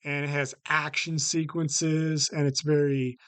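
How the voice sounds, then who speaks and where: Slow, halting man ranking shows. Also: on the high side, flat delivery, a bit bright, smooth, no room sound. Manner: halting, many fillers and restarts, repeats "basically". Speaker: vlog host ranking TV shows. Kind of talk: casual unscripted talk to camera.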